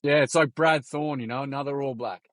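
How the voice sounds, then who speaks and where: An Australian man, a podcast guest, chatting casually as an animated storyteller with plenty of slang, swearing and restarts. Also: medium pitch, brisk, dry recording. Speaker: podcast guest, youth workshop founder. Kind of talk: casual interview chat.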